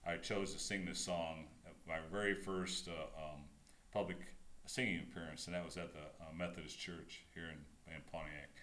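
A middle-aged man with a deep voice co-hosting a casual podcast chat, joking around and rambling with lots of fillers. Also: steady tone, moderate pace, a bit bright, reverberant. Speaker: co-host.

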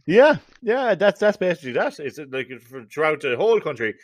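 A man's voice: on the high side, very animated, brisk. A young Irish man chatting casually as a podcast co-host, rambling, laughing often, swearing and making silly vocal noises. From Ireland. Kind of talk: casual banter.

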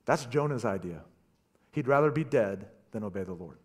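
Lively storytelling preacher man. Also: medium pitch, normal speed. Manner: animated storytelling, stammering repeats. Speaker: pastor. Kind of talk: sermon.

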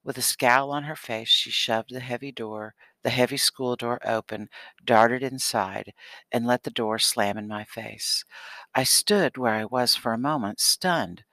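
A man reading a children's novel aloud in a steady, expressive voice. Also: mid-range voice, measured pace, no echo. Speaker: audiobook narrator. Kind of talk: scripted audiobook narration.

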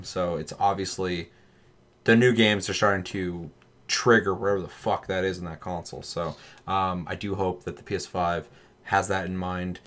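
Low-voiced man in animated, profane chat. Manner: animated, swears a lot, acts out voices in his stories. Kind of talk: casual chat.

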